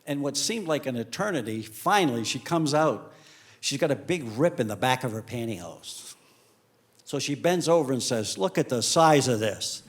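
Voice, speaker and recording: A stand-up comedian telling jokes on stage, shifting between deadpan storytelling and loud punchlines. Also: male voice, medium pitch, moderate pace. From Italian heritage. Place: comedy stage before a live audience.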